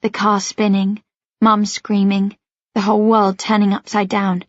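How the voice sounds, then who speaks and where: A woman's voice: mid-range voice, monotone, measured pace, no echo. A woman narrating a first-person novel as an audiobook, reading expressively and anxiously. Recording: dry, slightly dull studio sound.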